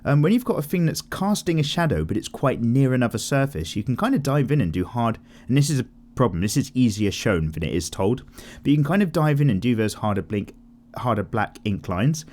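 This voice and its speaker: A man's voice: medium pitch, fairly quick. Guy in his 30s rambling casually while he draws, swears a lot, voice jumps all over the place. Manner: rambling, animated, swears casually, acts out quotes. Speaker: art channel host answering comments. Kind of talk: casual chat while drawing.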